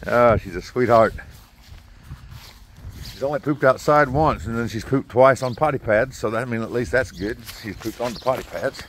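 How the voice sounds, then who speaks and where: A man's voice: mid-range voice, normal speed, slight background noise. A man gives easygoing, casual commentary while walking a new puppy outdoors in a yard. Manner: easygoing, coaxes the dog between remarks.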